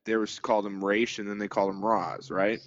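A man co-hosting a podcast in casual chat, halting and repeating his words. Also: lowish voice, little pitch movement. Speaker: podcast co-host. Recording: slightly muffled podcast mic.

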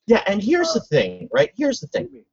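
Husky voice ranting sarcastically. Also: mid-range voice, wildly swooping pitch, moderate pace, dry recording, lo-fi sound. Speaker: podcast co-host. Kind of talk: casual chat.

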